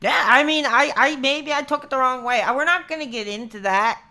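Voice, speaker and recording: A man's voice: extremely high pitch, fairly quick, bright, forceful tone. A man in his thirties chatting casually on a livestream, rambling and laid-back, calling everyone dude. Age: 30s. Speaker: streamer.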